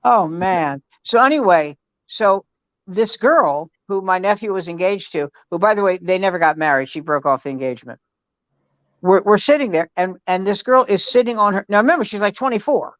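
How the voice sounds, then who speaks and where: A man's voice: sits high, normal speed, dry recording, muffled recording. A man in his seventies, a veteran comedian, casually telling stories and acting out his family's lines over a video call. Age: 70s. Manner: animated storyteller acting out family dialogue. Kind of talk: casual storytelling chat.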